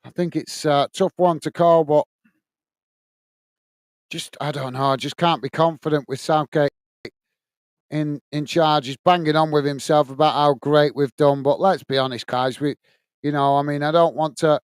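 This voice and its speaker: A chatty man hosts a live football watch-along, with a fairly high voice that comes across smooth and clear. His sound is close and dry, with no room around it, as he keeps thanking viewers as "mate" and "guys". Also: fairly even intonation, normal speed, dry recording. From England. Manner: reads out viewer messages and thanks them. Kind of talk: live stream chat.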